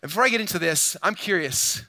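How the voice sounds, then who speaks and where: A man giving an energetic seminar talk to a large audience, animated and boastful as he speaks straight to the crowd. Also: high voice, fast, no room sound. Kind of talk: energetic stage presentation.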